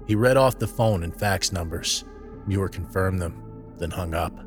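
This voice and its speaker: A man narrating an audio drama in a measured, dry storytelling manner. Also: sits low, faint music behind.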